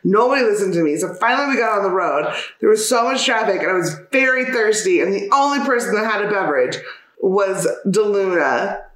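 A woman co-hosting a podcast, telling stories in a playful, giggly, animated way. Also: mid-range voice, a little fast. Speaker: podcast co-host. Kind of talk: casual chat. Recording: echoey room.

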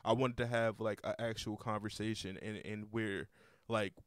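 A man's voice: lowish voice, flat delivery, moderate pace, clear, resonant tone, dry recording, studio quality. A young man hosting a casual podcast, rambling with lots of repeated words and cursing freely. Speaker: podcast host.

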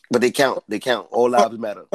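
A man's voice: mid-range voice, dry recording. A man hosting a livestream with loose comic banter, clowning and laughing often. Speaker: comedy host.

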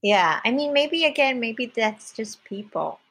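A woman's voice: on the high side, lively intonation, a little slow, a bit bright, slightly rough. A woman from the United States with Indian immigrant parents, a comedian guest in casual podcast chat, laughing often and hedging her remarks. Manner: chatty, laughs often, self-qualifying asides.

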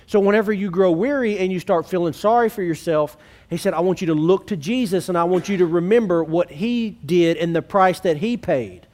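A man's voice: sits high, fairly quick, a little mellow. A man preaching a sermon to a congregation in a church, earnest and conversational, asking the room rhetorical questions. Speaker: pastor. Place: church sanctuary.

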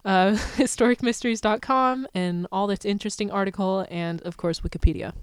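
A woman's voice: mid-range voice, fairly even intonation, a little fast, clear, resonant tone, no echo, clean studio sound. A woman co-hosting a podcast in casual chat, playful and sarcastic, often laughing. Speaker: podcast co-host.

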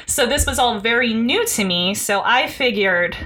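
Lively, chatty woman podcast host. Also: a little high, normal speed. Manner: chatty, giggly, storytelling with lively swings. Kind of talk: casual chat.

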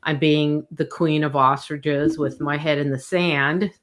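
A woman's voice: sits low, fairly even intonation, measured pace. A middle-aged woman co-hosting a podcast with her daughter, talking candidly and emotionally and laughing often. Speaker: podcast co-host, mother. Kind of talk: casual chat.

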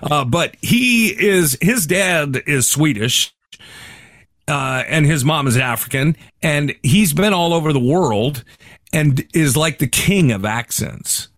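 Male podcast co-host, relaxed bro-ish delivery, animated pitch, dry close mic. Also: takes it slowly, dry recording. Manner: laid-back, says "dude" often. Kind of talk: casual chat.

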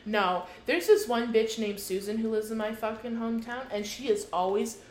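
Brash high-voiced Midwestern woman. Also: normal speed. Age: young adult. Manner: brash, profane storytelling. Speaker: podcast co-host. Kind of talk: casual chat. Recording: echoey room.

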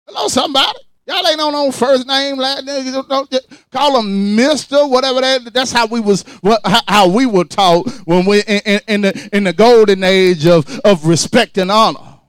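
A male pastor preaching a sermon, calling out to the congregation and swinging between shouted lines and quiet asides. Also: extremely high pitch, clear, resonant tone, no echo, clean studio sound.

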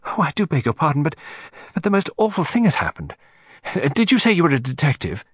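Man doing a naive young woman in a storybook, raised pitch, pleading, breathless. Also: huge pitch swings, fairly quick, breathy edge, no room sound, studio quality, full character voice. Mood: distressed.

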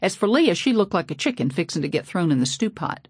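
A woman's voice: lowish voice, sing-song, fast talker, slightly rough, no echo, studio quality. A woman narrating a novel in a folksy, sassy first-person voice. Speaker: audiobook narrator. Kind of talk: scripted narration.

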